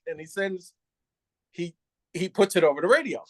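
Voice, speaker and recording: A man's voice: high voice, moderate pace, long pauses, no echo. A middle-aged man, a retired police officer from New York City, telling a candid story with frequent laughs and acted-out lines. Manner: animated, laughs often, acts out others' lines.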